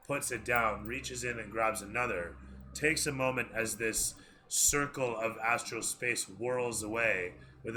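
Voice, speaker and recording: A man narrating as dungeon master, descriptive with many fillers and quick asides. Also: medium pitch, pushed and bright, a little hiss or hum. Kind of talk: narrating a tabletop game.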